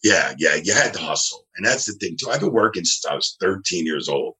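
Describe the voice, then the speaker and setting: Low-voiced man telling rambling stories. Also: brisk, poor audio. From New Jersey, US. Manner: rambling, animated, acts out quoted dialogue. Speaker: guest. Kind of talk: casual storytelling interview.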